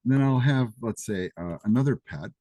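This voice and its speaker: A mid-range, mellow male voice, expressive and a little fast, delivers a live programming lecture with a coding demo, against slight background noise. The instructor is Greek and talks casually with asides, in a classroom or office during the session.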